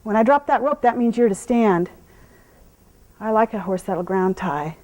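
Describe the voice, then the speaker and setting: A middle-aged woman horse trainer explaining groundwork outdoors, calmly talking viewers through each step and praising the horse. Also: mid-range voice, normal speed, rough recording. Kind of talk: instructional clinic talk while working a horse.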